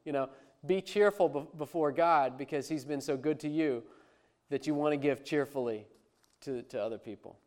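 A man's voice: on the high side, normal speed, a little mellow. A man preaching a sermon as a pastor, conversational and emphatic, with frequent restarts.

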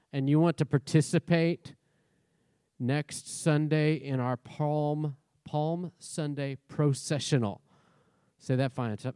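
A pastor preaching a sermon in a conversational way, leading a prayer and often checking in with the congregation. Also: male voice, a little high, a little mellow, clear, resonant tone, no echo, clean studio sound. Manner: conversational, asks the congregation questions.

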